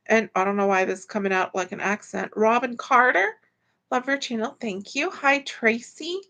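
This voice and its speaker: Tired lady on a home livestream, kinda high and gravelly, says hi to everyone by name. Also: sharp tone. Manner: slow, gravelly, greets viewers by name. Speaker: livestream host. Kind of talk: casual livestream chat.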